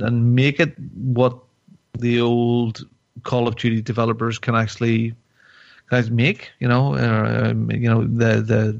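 A man's voice: medium pitch, gravelly, no room sound, lo-fi sound. A man hosting a casual podcast chat, rambling and joking with lots of fillers and restarts, a little tipsy from wine. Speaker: podcast host.

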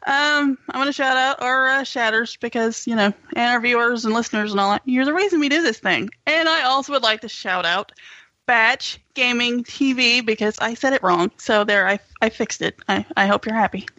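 A woman co-hosting a gaming podcast in a relaxed, easygoing way. Her voice is bright and fairly high, recorded close and dry. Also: a little fast, hardly any pauses, no room sound, muffled recording. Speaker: podcast co-host. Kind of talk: casual gaming podcast chat.

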